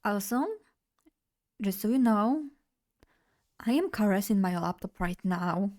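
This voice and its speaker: A young woman chatting casually on a live stream, playful and loose as she talks straight to her chat. Her voice sits at a middling pitch for a woman, neither high nor low. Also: lively intonation, a little slow, a little mellow.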